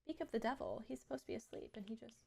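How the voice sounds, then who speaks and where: A woman's voice: on the high side, rapid-fire, vocal fry, a little mellow. A woman live streamer in a casual, rambling chat who swears freely.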